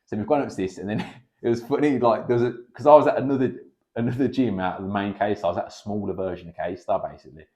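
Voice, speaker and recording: A man talks quickly in a deep, low register, rattling through stories. He is a kickboxer and coach in his thirties, chatting casually as a podcast guest, swearing freely and acting out what others said. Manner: animated storyteller, swears freely, acts out quotes.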